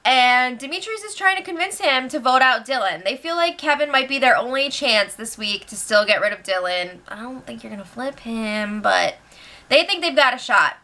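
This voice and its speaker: A woman's voice: fairly high pitch, lively intonation, moderate pace, pushed and bright. A woman hosting a casual spoiler recap, chatty and opinionated, laughing often. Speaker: show recap host.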